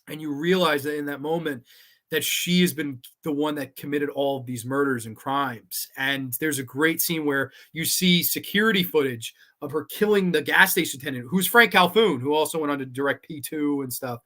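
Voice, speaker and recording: Male horror show host, live casual countdown, bright slightly high voice, rambling and profane. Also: moderate pace. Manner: enthusiastic, swears freely, loose rambling delivery.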